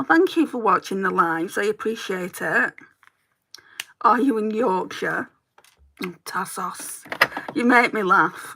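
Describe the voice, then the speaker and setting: A woman's voice: medium pitch, vocal fry, bright, forceful tone. A woman from England with a Northwest English accent, chatting on a beauty livestream while doing her makeup and answering viewers' comments. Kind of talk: chatty get-ready-with-me livestream.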